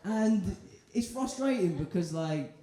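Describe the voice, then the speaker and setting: A man's voice: high-pitched, expressive, takes it slowly, background noise. A young man performing a stand-up set, chatty and crude, with loose fillers and an offhand delivery. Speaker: stand-up comedian. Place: comedy club in front of a live audience. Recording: echoey club room with audience laughter.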